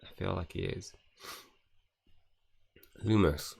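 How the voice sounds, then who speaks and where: A young man commentates casually on a mobile game, with a very low and gravelly voice. He chats excitably between bits of story dialogue he reads aloud. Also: moderate pace. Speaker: gaming YouTuber.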